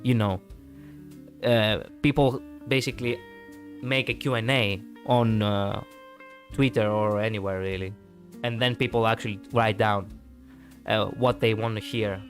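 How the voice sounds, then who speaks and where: A man's voice: on the low side, fairly even intonation, a little slow, pauses often, faint music behind. A man from Greece with a Greek accent, chatting casually with viewers on a live stream, rambling with many fillers and restarts and laughing easily.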